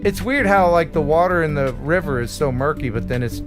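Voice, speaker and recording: Animated American man hosting a livestream. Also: a little high, fairly quick, music in the background. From United States. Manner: jokey, laughs often, animated. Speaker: host. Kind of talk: casual livestream chat.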